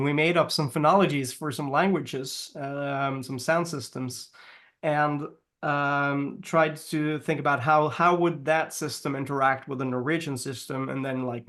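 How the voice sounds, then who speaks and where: A man with a fairly high voice talks in a relaxed interview over a video call. He rambles, restarts his sentences and laughs often as he explains things. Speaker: guest, language consultant. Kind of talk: casual interview chat.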